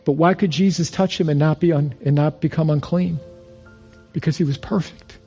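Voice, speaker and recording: A man's voice: on the high side, steady tone, normal speed, mellow, faint music behind. A male pastor preaching a sermon in an earnest, storytelling manner with repeated phrases.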